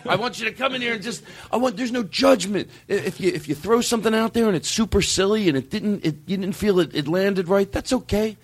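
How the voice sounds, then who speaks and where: A man hosting a comedy podcast, giggly and excitable, bantering loosely and swinging between loud outbursts and quiet asides. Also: sits high, fairly quick, hardly any pauses, slightly rough, no room sound.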